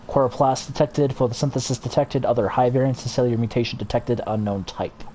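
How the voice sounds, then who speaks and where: A man's voice: medium pitch, fast talker, few pauses, dark tone, a little hiss or hum. A man giving casual let's-play commentary, rambling and breaking off mid-thought. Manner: rambling, self-interrupting. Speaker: gaming streamer.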